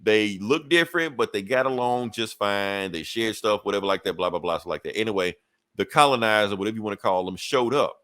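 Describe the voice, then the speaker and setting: A man with a low voice walks through a comic book issue in loose, profane storytelling and often chuckles. The sound is dry and close, with no room in it. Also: a little fast, fairly bright tone, no echo. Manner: laughs between points. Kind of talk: casual comic review.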